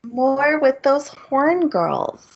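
A woman's voice: high voice, big pitch swings, very slow. A woman co-hosting a podcast in casual chat, talking in an easygoing, amused way. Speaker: podcast co-host. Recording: dull lo-fi audio.

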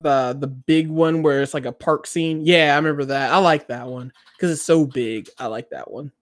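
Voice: mid-range voice, moderate pace, no echo. A co-host in a casual chat, telling stories with animation and breaking into squealing impressions of other people. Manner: animated storyteller who mimics others with squeals.

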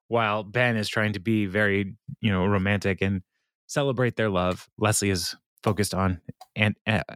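A man's voice: lowish voice, fairly bright tone, dry recording, clean studio sound. A man co-hosting a podcast, rambling through an episode recap with many fillers and frequent laughs. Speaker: podcast co-host.

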